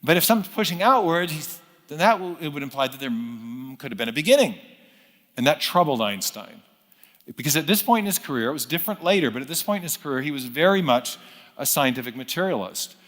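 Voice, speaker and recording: A man giving an unscripted lecture, telling a story with lively emphasis and frequent restarts. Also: a little high, quick pace. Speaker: speaker. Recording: long hall reverb.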